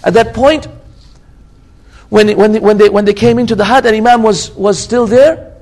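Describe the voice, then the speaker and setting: A man's voice: high-pitched, moderate pace, a little mellow. A man delivering a religious lecture in English, stressing points by repeating phrases and swearing by God, with Arabic religious terms woven into his speech. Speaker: Islamic lecturer.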